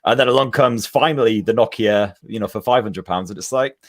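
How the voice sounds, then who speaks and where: A man's voice: on the low side, fairly quick, no room sound, clean studio sound. A man, a tech reviewer guest, chatting wryly on a podcast with plenty of swearing. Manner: wry, swears freely, drinking beer. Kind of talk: casual podcast chat.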